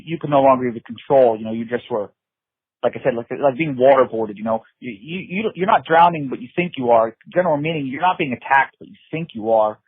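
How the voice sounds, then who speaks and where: A husky, medium-pitched middle-aged man, heard without echo over a phone line, recounts his past intensely as an interview guest. He speaks emphatically, repeats himself, restarts often, and says "you know" a lot.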